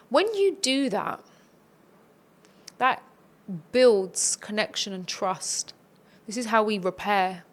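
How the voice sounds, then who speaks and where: A woman's voice: medium pitch, slow pace, pauses often. A woman speaking as a podcast guest, giving earnest, reflective advice in a conversational tone.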